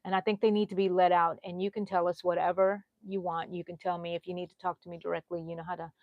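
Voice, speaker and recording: A middle-aged woman, hosting a casual crochet livestream. She chats warmly and emotionally, greeting viewers by name and reassuring them. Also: on the low side, little pitch movement, fast talker, no room sound, dull audio. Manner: chatty, reads out viewer comments by name. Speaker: crochet channel host.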